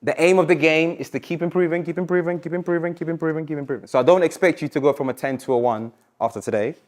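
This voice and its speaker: A man coaching a live public speaking workshop, encouraging and lively, slowing down and dropping his voice to stress points. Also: on the high side. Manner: energetic, encouraging, varies pace and loudness for emphasis. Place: university lecture room.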